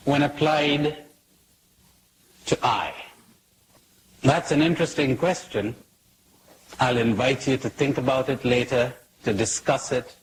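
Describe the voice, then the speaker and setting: A spiritual speaker with a fairly high-pitched voice gives a reflective talk to an audience. He asks questions and tells jokes, acting out quoted lines. Background noise can be heard.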